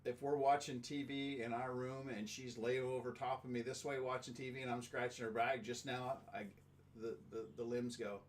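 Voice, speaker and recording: A man's voice: mid-range voice, little pitch movement, slight background noise. A man co-hosting a podcast, chatting casually with his wife and acting out little dialogues. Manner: jokey, acts out quick back-and-forth dialogues. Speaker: podcast co-host. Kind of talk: casual chat.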